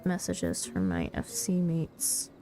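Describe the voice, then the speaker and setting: A woman's voice: sits low, sing-song, slow pace, faint music behind. Sleepy woman murmuring stream asides. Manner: quiet, drifting asides to herself. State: sleepy, yawning. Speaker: game streamer. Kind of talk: casual gameplay commentary.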